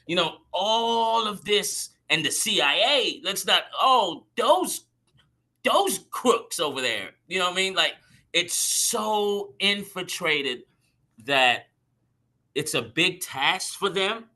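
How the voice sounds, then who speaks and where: A man's voice: sits high, very animated, slow, sharp tone. A man on a podcast panel talking casually, rambling with lots of "you know" and "right?" asides. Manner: rambling, many fillers like "you know" and "right?", laughs at his own points.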